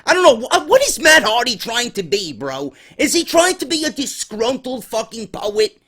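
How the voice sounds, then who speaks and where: High-voiced, swearing New man ranting. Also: very animated, moderate pace, bright, forceful tone. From New York. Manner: exasperated, swears constantly. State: tired. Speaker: wrestling podcast host. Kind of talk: profane ranting commentary.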